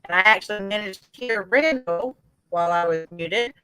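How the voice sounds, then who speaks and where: A woman's voice: medium pitch, moderate pace, bright, forceful tone, faint music behind, rough recording. A woman co-hosting a live stream, sounding apologetic and flustered, her voice breaking up into glitchy robotic internet audio. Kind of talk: casual live stream chat.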